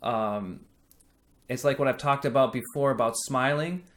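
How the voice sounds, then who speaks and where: A man's voice: medium pitch, a bit bright. A man teaching singing, explaining vocal technique patiently and demonstrating sung vowels. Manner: slow, patient, thoughtful delivery.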